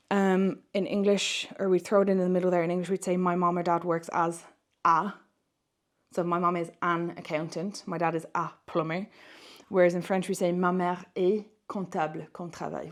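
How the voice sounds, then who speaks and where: Woman teaching French, low voice. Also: a little mellow. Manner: explains in English, models French questions aloud. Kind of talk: online exam-prep lesson.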